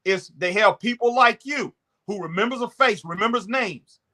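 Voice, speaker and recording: A man hosting a casual chat show speaks with a sharp, bright tone that sits a little high for a man. He talks loosely and repeats his phrases. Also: moderate pace. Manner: chatty, repeats himself, drops into mimicking voices. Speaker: show host.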